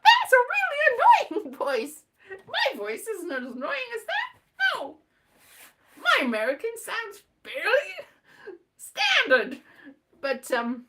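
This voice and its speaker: A woman's voice: high-pitched, bright, forceful tone. A woman vlogger rambling casually to her viewers, giggly and self-mocking.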